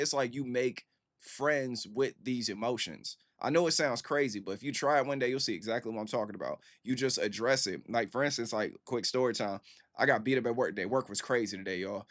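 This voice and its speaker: A man's voice: mid-range voice, a little fast, fairly bright tone, no room sound, studio quality. A man hosting a music reaction video, chatting casually and rambling with lots of filler phrases. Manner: rambling, conversational, lots of "you know what I'm saying".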